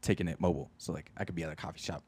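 A young man who is a music producer and a podcast guest, chatting in a laid-back way that often trails off quietly. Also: extremely low pitch, steady tone, very fast, breathy edge. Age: young adult. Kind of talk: casual chat.

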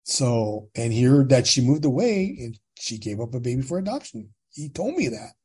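A man's voice: mid-range voice, moderate pace, slightly rough. A man in his sixties from California, a podcast guest telling his own story in a casual, plain-spoken way and acting out what others said. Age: 60s. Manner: animated storyteller, acts out quoted dialogue.

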